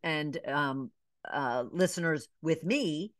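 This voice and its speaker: A middle-aged woman from Atlanta, a business coach, telling her story in a casual interview, with lively asides, many fillers and short bits acting out other voices. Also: low-pitched, takes it slowly, dry recording, clean studio sound. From Atlanta, Georgia. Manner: animated storyteller, acts out quoted voices, many "you know" fillers. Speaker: business coach and podcast guest.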